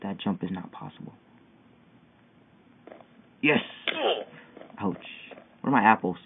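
A young man giving excitable, frustrated commentary while playing a parkour game, yelping at each failed jump. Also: sits low, slow. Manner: excitable, yelping and whining at failures. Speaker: gamer. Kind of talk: gameplay commentary. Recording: tinny phone-like mic with faint hiss.

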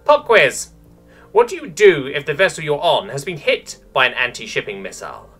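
A man's voice: on the high side, big pitch swings, normal speed, a bit bright, faint music behind, voice pushed up. A man voicing a brash, snooty female starship captain who lectures cadets in a mock-aristocratic bark.

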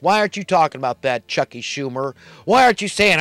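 A man's voice: a little high, lively intonation, fast, few pauses, fairly bright tone, dry recording. A man delivering a heated, blunt monologue as a political commentator. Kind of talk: ranting monologue.

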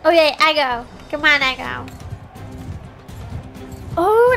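Very high-pitched giggly woman streamer. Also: slow pace, creaky. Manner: giggly, laughs often between lines; excitable, groans and cheers at the game. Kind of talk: casual live gameplay chat. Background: faint background music.

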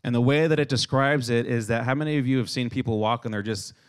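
A man preaching a lively youth sermon who acts out everyday scenes and has the crowd repeat words after him. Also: mid-range voice, fast talker, clear, resonant tone. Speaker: youth speaker.

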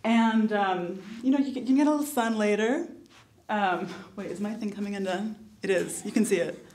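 A woman gives a jokey improvised weather report. She talks hesitantly and giggles, with plenty of fillers, and her voice sits at an ordinary middle pitch. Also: a little fast, darkish tone. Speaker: comedic weather presenter.

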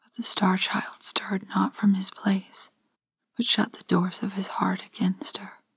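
A woman reads an old fairytale in a gentle whispered role-play meant for sleep. Her whisper is airy and breathy, slow and evenly level. The sound is close and dry, with no room in it. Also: medium pitch, completely flat delivery, no room sound. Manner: gentle, unhurried storybook reading. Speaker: storyteller.

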